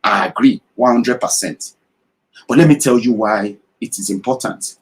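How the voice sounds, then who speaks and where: A man's voice: mid-range voice, normal speed, rough recording. A man with a Nigerian accent hosting an impassioned political commentary broadcast, speaking emphatically, asking listeners direct questions and repeating his points.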